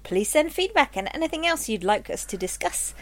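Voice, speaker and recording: A woman's voice: a little high, big pitch swings, a little fast. A woman co-hosting a podcast, bantering playfully and enthusiastically. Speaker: podcast co-host. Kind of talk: casual chat.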